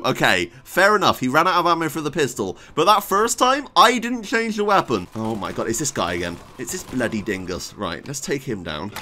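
Let's-play streamer, wild pitch swings, flips from mumbles to shouts, desk mic. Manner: excitable, swings from muttering to yelling. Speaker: gaming YouTuber.

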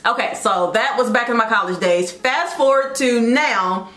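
A woman in her late thirties gives a casual, encouraging devotional talk with a bright, fairly high voice. She talks warmly and chattily and keeps adding side notes. The room around her rings with noticeable echo. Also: normal speed. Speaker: host of a faith talk show.

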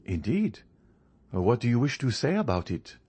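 A man reading a courteous, genial male journalist in a storybook, measured and increasingly firm. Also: mid-range voice, big pitch swings, dark tone, slightly rough, pitched above the performer's own voice. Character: genial male journalist, friendly yet proud.

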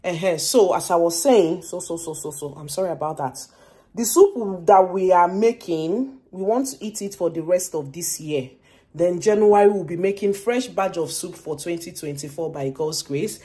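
A Nigerian woman chatting casually to her camera as a family vlogger, talking in a chatty way and growing loud and high when she rants. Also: moderate pace, slightly rough, no echo, poor audio. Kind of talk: casual vlog chat.

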